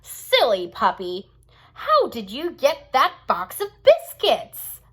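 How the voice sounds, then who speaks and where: Woman reads kind little girl talking to her puppy, sweet, slow, sing-song. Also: sits high, wildly swooping pitch, pitched above the performer's own voice, exaggerated voice. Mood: gentle. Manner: sweet, coaxing, a bit brighter. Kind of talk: storybook read-aloud.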